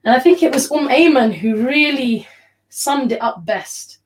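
A woman's voice: sits high, expressive, slight background noise, rough recording. Earnest woman teaching an online class. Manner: earnest, unhurried, with many pauses and Arabic phrases. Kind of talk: online lecture to women.

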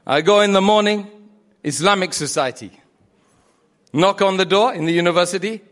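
A man telling his own conversion story in a religious talk, animated, acting out the voices he quotes and repeating phrases for emphasis. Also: sits high, moderate pace.

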